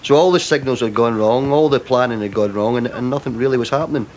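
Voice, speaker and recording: A man, a former player, recalling team stories in a relaxed, reflective interview. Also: medium pitch, fast talker. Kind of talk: anecdotal interview.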